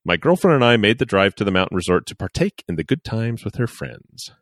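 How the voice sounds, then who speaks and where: A man's voice: fairly low pitch, brisk, no room sound, clean studio sound. A man co-hosting a podcast, reading a listener's letter aloud with jokey asides. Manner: animated, jokey, reads aloud with playful asides. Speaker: podcast co-host.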